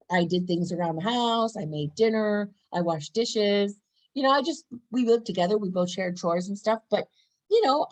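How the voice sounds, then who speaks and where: A woman's voice: mid-range voice, a little mellow, poor audio. Woman, 30s, vlogger, bubbly and chatty, mid-range voice, upbeat delivery. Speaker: wellness vlogger. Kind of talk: casual talk to camera.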